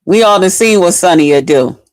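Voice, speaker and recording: A woman's voice: lowish voice, animated, a little fast, no room sound. A woman on a live stream delivering a heated, profane, mocking rant.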